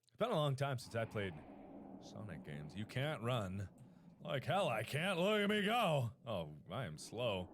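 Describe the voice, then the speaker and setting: A man's voice: medium pitch, sing-song, measured pace, noisy background. A man streaming a horror game, reacting with yelps, swearing and dry asides. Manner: jumpy, yelps and swears at scares; wry asides between outbursts. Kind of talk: live game reaction commentary. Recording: game music loud behind voice. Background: game music.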